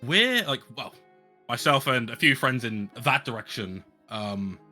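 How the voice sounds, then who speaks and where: A man's voice: mid-range voice, very animated, unhurried, sharp tone, faint music behind, heavily acted. A man playing a blunt, foul-mouthed adult male adventurer in a tabletop game. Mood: casual. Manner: blunt and profane.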